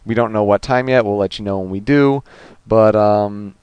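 A man's voice: on the low side, normal speed, clean tone, no echo, lo-fi sound. A man co-hosting a casual gaming podcast, rambling along with plenty of ums and uhs. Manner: relaxed, rambling with many fillers. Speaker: podcast co-host.

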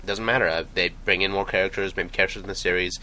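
A man's voice: low voice, steady tone, fast talker, pushed and bright, a little hiss or hum. A man co-hosting a podcast, chatting casually and rambling with frequent restarts. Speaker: podcast co-host. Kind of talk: casual gaming chat.

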